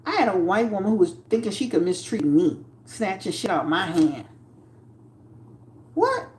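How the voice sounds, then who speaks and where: Animated woman ranting. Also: mid-range voice, brisk, reverberant. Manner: animated, emphatic, swears and laughs with chat. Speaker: tarot reader and livestream host. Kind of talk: casual livestream commentary.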